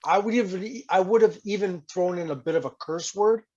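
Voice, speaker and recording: A man's voice: high-pitched, brisk, a little mellow, highs cut off. A man in a casual wrestling review chat, offering what he would have done. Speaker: podcast co-host.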